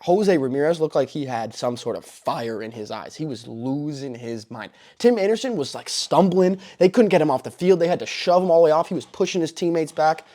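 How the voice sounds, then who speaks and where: A young man hosting a sports show, recapping a baseball brawl with excitable commentary and loud exclamations. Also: on the high side. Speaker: host.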